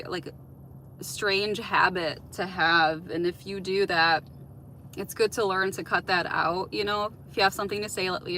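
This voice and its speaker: A woman hosts a relaxed livestream, talking straight to her viewers as she answers their comments. Her voice is bright and forward. She fills her sentences with easygoing "like" and "um" and gives open, thoughtful advice. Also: lowish voice, a little hiss or hum, low-quality recording. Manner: chatty, heavy use of "like" and "um"; open, reflective advice-giving. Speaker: livestream host. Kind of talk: casual live-stream chat answering viewer comments.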